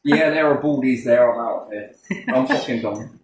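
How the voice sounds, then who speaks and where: A man's voice: mid-range voice, moderate pace. Man swearing through rambling stories. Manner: profane, rambling anecdotes, heavy swearing. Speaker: storyteller in a casual chat. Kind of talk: casual chat. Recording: roomy, distant mic, faint noise.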